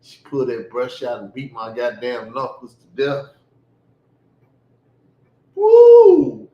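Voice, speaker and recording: A man telling stories in casual chat, profane and animated, with bursts of laughter. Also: medium pitch, moderate pace, reverberant, highs cut off. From Chicago. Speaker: podcast host.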